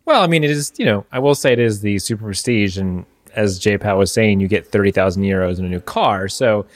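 A man's voice: lowish voice, fairly quick. A man co-hosting a casual chat, talking loosely and hedging with lots of fillers. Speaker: podcast co-host.

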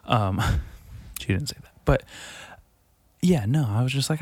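A man's voice: mid-range voice, animated, normal speed, darkish tone, breathy edge, no room sound. A young man in his twenties hosting a solo podcast in a darkened room, rambling and confessional, swearing often and padding his talk with fillers. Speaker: podcast host. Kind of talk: late-night solo podcast monologue. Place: darkened room lit by Halloween lights.

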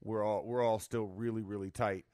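A man chatting casually as co-host, telling lively stories and laughing often. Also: on the low side, moderate pace, dry recording, clean studio sound. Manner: animated storyteller, laughs often. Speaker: former football player, co-host. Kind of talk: casual sports chat.

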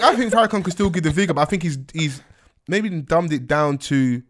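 A man's voice: a little high, fairly quick, noisy background. A man with a slight lisp, hosting a podcast in slangy, laughing banter. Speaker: podcast host. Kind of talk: casual chat.

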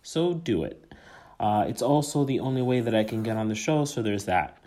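A man's voice: medium pitch, expressive, moderate pace, warm tone. A man sends in a playful recorded message, laughing as he goes and throwing in cheeky asides. His delivery is loose and teasing, with no sign of a script. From Colombia. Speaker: listener leaving a voice memo. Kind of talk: recorded voice memo, jokey monologue. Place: abroad, recorded on his own.

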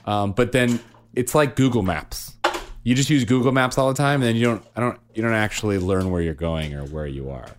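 A man's voice: on the low side, fairly quick, noisy background. A man in his thirties, a father chatting casually on a family podcast, rambling with many fillers and restarts. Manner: rambling, self-deprecating, lots of fillers and restarts.

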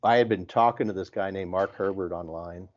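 A man's voice: deep voice, brisk, muffled recording. A man from the Midwest telling stories in casual chat and acting out what people said. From American Midwest. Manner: animated storyteller, acts out quotes.

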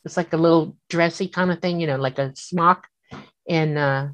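Woman guest, lowish voice, animated storyteller, acts out the voices she quotes. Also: moderate pace. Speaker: guest recounting an experience. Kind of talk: casual storytelling.

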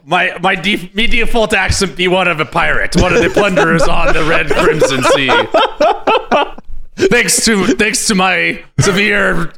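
A man doing a growly, gravelly pirate. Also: high-pitched, sing-song, unhurried, bright, forceful tone, exaggerated voice. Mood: boisterous. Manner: pirate dialect, growly and playful. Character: boisterous male pirate plunderer.

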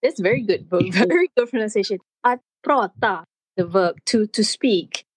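Lively woman hosting a word lesson. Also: mid-range voice, moderate pace, husky, dry recording, rough recording. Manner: animated, acts out her own reactions. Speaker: host teaching words of the day. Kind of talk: casual studio chat, language lesson.

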